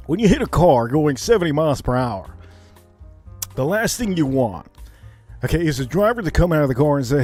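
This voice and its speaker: A man hosts a casual livestream, telling a story loosely and profanely and acting out the sounds. His voice sits a little high and jumps around a lot. Faint music plays behind him. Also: moderate pace. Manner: animated, profane, acts out the story. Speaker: livestream host.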